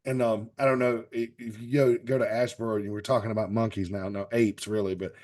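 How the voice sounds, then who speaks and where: A man's voice: on the low side, little pitch movement, fast, a little mellow. A man on a wrestling talk panel, telling stories in casual chat and laughing as he acts out quotes. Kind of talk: casual chat, animated storytelling.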